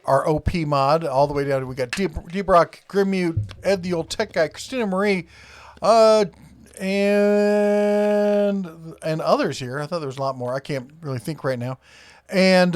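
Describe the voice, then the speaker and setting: A man with a plain Iowa accent talks casually on a live stream, reading out viewer comments and drifting between topics. His voice sits a little high, and his speech is loose and full of fillers. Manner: rambling, reads viewer comments aloud, frequent fillers.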